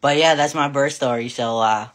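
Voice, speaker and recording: A woman's voice: a bass voice, moderate pace. A woman vlogger telling a personal story to camera in a frank, casual way, swearing freely and laughing often. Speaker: parent vlogger.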